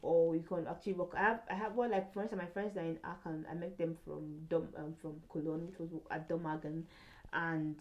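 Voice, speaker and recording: Young woman chatting to her vlog cam, kinda low voice, rambly with lots of ums. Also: fairly even intonation, fairly quick, darkish tone, low-quality recording. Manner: rambling, many fillers and restarts. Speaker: vlogger. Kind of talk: casual chat to camera.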